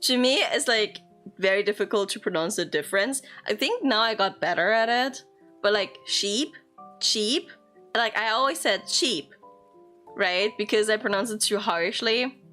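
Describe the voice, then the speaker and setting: A young woman streamer chats playfully and casually on a live stream, teaching Japanese words and swearing now and then. Her mid-range voice is bright and forceful at a normal speed, with faint music in the background.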